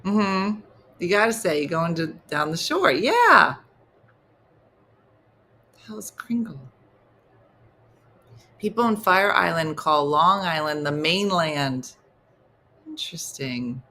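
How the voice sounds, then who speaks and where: A woman's voice: lowish voice, lively intonation, a little slow, bright, forceful tone. A woman with a New Jersey accent hosting a casual comedy livestream, reading viewer comments and teasing them in playful mock disgust. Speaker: comedy morning show host.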